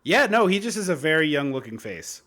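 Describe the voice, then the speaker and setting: A man co-hosting a podcast in casual chat, ranting in a lively, mocking way. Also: on the high side, brisk. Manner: animated, mocking rants. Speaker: podcast co-host.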